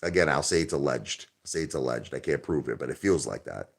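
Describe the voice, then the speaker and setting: A man hosting a casual livestream, rambling and repeating himself, jumping from loud outbursts to low mutters and softening his swear words. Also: expressive, quick pace, vocal fry. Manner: minces swear words into euphemisms. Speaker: livestream host.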